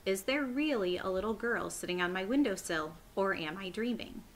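A woman reading aloud, voicing a composed, regal older queen who asks measured, polite questions. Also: mid-range voice, animated, slight background noise, natural voice. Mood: puzzled, wondering.

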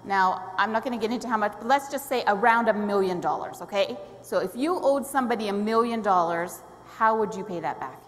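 A woman's voice: medium pitch, brisk, hardly any pauses. A woman leading a children's story in a church service, friendly and asking questions, laughing often. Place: church sanctuary. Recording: long hall reverb, faint room noise.

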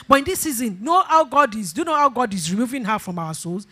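A woman's voice: fairly high pitch, animated, fast, few pauses, sharp tone. A woman pastor preaching a sermon, leading call-and-response, repeating phrases and breaking into emphatic bursts. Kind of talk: sermon exhortation.

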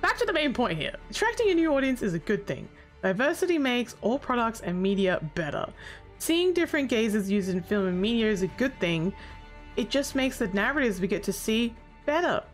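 A woman talking through a casual commentary video essay, brash and sarcastic, who swears freely and bursts into loud exasperated outbursts. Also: on the high side, sing-song, fairly quick, faint music behind.

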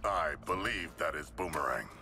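A deep slow shark creature. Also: male voice, expressive, background noise. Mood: deadpan. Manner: slow, plain-spoken.

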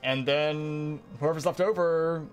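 Excitable, swearing man reacting to a game. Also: on the high side, slow, soft background music. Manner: profane, excitable, laughs often. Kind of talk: casual gaming commentary.

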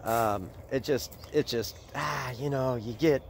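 An older man with a drawl rambles on in a casual vlog, his voice sitting at a middling pitch. He talks outdoors, and a faint wash of background noise runs under him. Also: slow pace, gravelly. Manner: rambling, talks to puppies in a high cooing voice. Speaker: animal sanctuary owner. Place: outdoors at an animal sanctuary.

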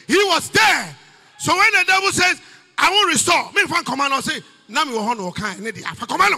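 A man with a Ghanaian accent preaches into a microphone in church, raising his voice to a shout on each point. His voice sits very high and sounds sharp and bright. His pitch swings widely as he drives the message home. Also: big pitch swings, brisk, creaky, big-room sound. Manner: preaching, often shouting with rising emphasis. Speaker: pastor. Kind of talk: sermon.

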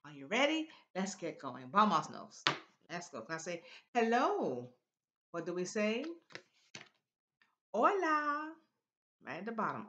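Woman Spanish teacher, fairly low voice, slow repeat-after-me drills. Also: pushed and bright, muffled recording. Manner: slow, sing-song drills with exaggerated Spanish words. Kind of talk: classroom language lesson.

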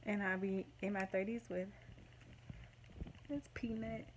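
A woman's voice: medium pitch, steady tone, measured pace, background noise. A woman in her late twenties talking to her phone camera at home, emotional and rambling as she gushes to her viewers. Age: late 20s. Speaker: vlogger. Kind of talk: casual to-camera vlog.

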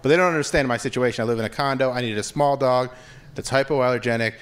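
A man with a medium-pitched voice talks fast through a stand-up comedy set, telling wry, conversational stories into a handheld mic on stage. The live room is filled with audience noise.

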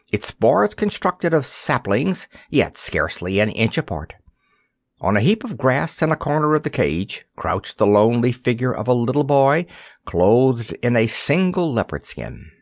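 A man reading a children's fantasy audiobook aloud in an expressive storytelling manner. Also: fairly low pitch, a little slow, husky, no echo, clean studio sound. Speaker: narrator. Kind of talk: audiobook narration.

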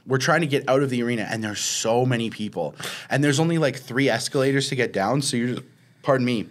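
A man, co-hosting a podcast and telling a story in casual chat, acting out quotes with a raised voice. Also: mid-range voice. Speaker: podcast co-host.

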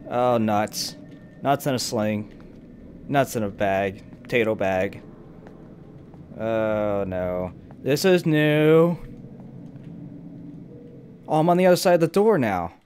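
A man's voice: medium pitch, lively intonation, takes it slowly, long pauses, a little mellow, slight background noise. A young man hosting a gaming channel, wearing headphones and talking to himself with jokey running commentary as he plays. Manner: jokey running self-talk. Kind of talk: gameplay commentary. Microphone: headphones with mic.

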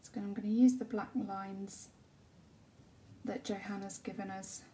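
A woman chatting casually during a livestream as she colours, often dropping to a soft murmur. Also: medium pitch, flat delivery, a little slow. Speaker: colouring channel host. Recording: distant mic with faint background hiss.

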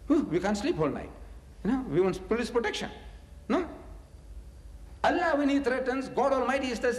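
A man's voice: extremely high pitch, normal speed, long pauses. A man giving a public lecture on scripture, telling stories with mocking asides and repeating phrases for emphasis. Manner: animated storytelling, mocking asides, chuckles. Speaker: religious lecturer. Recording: echoey hall reverb.

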